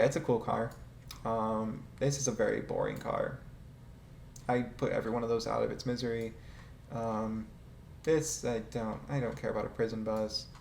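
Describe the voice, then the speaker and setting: A man's voice: medium pitch, creaky, a little mellow. A man casually ranking game vehicles, rambling and hesitant, swearing now and then and laughing often. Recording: echoey room with faint ambient noise.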